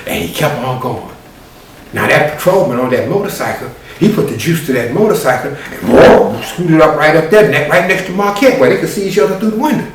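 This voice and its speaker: A male storyteller spins a tale in a folksy, chatty way, his voice slightly high. He sounds far from the mic in a very echoey room with a faint hiss behind him. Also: expressive, fairly quick. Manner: folksy, conversational, colloquial. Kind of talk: animated oral storytelling. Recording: roomy, distant, faint hiss.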